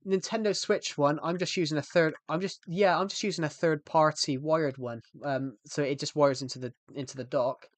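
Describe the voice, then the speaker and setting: A chatty young man with a British accent who rambles to his stream chat and corrects himself as he goes. His voice sits slightly high and sounds dry and close to the mic. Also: fairly even intonation, moderate pace, hardly any pauses, no room sound. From United Kingdom. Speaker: game streamer. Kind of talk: casual live-stream chat.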